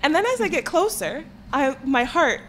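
Lively bright-voiced young woman telling stories. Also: sits high, moderate pace. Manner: animated, giggly storyteller with squealing quoted voices. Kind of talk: casual storytelling chat.

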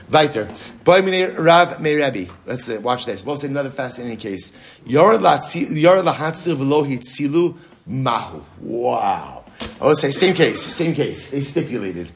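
Middle-aged male rabbi, mid-range voice, animated Talmud teacher who quizzes himself aloud and drills points by repetition. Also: mid-range voice. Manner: animated, asks and answers his own questions, repeats phrases, Hebrew and Aramaic terms. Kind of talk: lively Talmud class.

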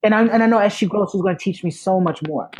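A man's voice: sits high, quick pace, a little mellow, a little hiss or hum, rough recording. A man who is a new parent, talking earnestly and reflectively in a casual conversation, repeating phrases for emphasis.

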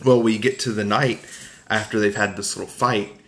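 A man with a Southern US accent recapping a film in casual podcast chat, animated and jokey. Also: lowish voice, moderate pace. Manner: animated, jokey, acts out quotes. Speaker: podcast co-host.

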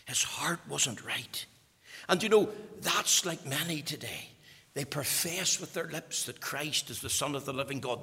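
A man preaching a fervent sermon, swinging between loud declarations and hushed whispers. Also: fairly high pitch, expressive, measured pace, vocal fry, husky, in a large hall.

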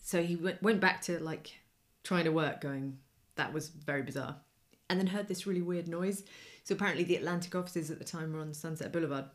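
Woman telling a lively anecdote. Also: lowish voice, fast talker, hardly any pauses. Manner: animated anecdote-telling, acts out quoted voices. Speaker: podcast co-host. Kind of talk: casual chat, storytelling.

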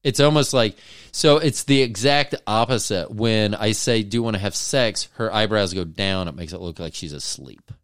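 A man's voice: lowish voice, normal speed, a bit bright, clear, resonant tone, dry recording, clean studio sound. A middle-aged man co-hosting a podcast, chatting casually in a teasing, joking, swearing manner. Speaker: podcast co-host. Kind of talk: casual chat.

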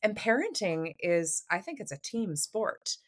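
A woman therapist, a guest on a podcast, explaining ideas in a measured way and often checking in with "right?". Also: medium pitch, sing-song. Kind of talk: podcast conversation.

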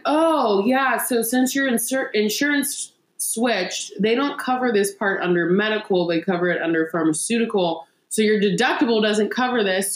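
Exasperated young woman venting, roomy sound. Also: medium pitch. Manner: exasperated, swearing, acts out phone calls. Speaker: podcast co-host. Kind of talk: casual venting chat. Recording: roomy echo.

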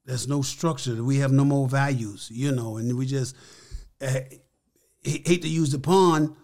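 A man's voice: medium pitch, unhurried, a little mellow. An older man, a podcast guest, telling stories in an emphatic, folksy way and repeating his phrases. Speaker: interview guest. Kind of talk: casual storytelling.

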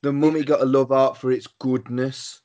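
A man's voice: mid-range voice, little pitch movement, normal speed, a little mellow, muffled recording. A man co-hosting a casual film chat, thoughtful and dry, with hesitant restarts. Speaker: podcast co-host.

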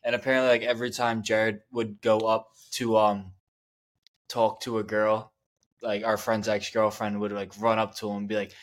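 A man's voice: fairly low pitch, flat delivery, normal speed. A young man co-hosting a podcast, laid-back and chipping in on a friend's stories in casual chat. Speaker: podcast co-host.

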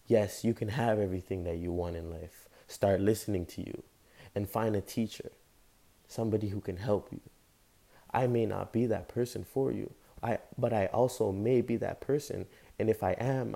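Gravelly low-voiced impassioned young man. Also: mellow. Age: young adult. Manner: impassioned, rambling, casual slang. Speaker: podcast host. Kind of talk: motivational monologue.

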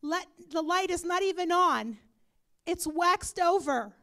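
Woman pastor, fervent sermon, high and gravelly, measured delivery. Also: lively intonation, pushed and bright. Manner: fervent, breaks into whispered prayer. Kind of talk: sermon and prayer. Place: church.

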